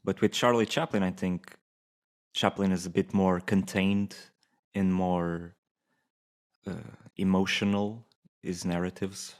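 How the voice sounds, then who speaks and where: A man co-hosting a casual film-review podcast. He speaks in a relaxed, thoughtful way and often restarts his sentences. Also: deep voice, a little slow, long pauses. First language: Portuguese. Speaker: podcast co-host.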